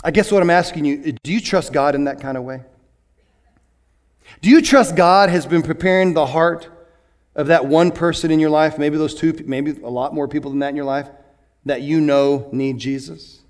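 A pastor preaching a sermon in an animated way, moving from hushed asides to excited bursts. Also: male voice, a little high, normal speed.

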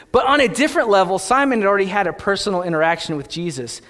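High-voiced young preacher in a reverberant hall. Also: male voice, a bit bright. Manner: conversational storytelling with playful asides. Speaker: pastor. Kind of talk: sermon.

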